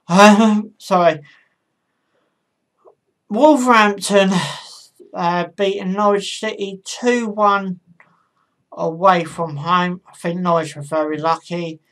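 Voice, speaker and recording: A woman's voice: on the low side, a bit bright. A woman hosting her own football channel, talking through match predictions in a casual, hesitant way with frequent ums and self-corrections. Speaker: football pundit channel host.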